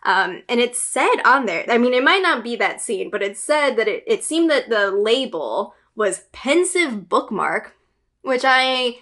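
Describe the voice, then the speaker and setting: Woman, gaming channel host, casual recap, chatty, giggly, lots of fillers, bright forceful voice, slightly high. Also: big pitch swings, measured pace. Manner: enthusiastic fan.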